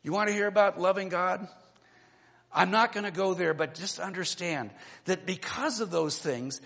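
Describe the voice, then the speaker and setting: A man in his sixties preaching a sermon, telling a personal story that moves between animated and low, quiet passages. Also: moderate pace, gravelly, big-room sound. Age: 60s. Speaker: pastor.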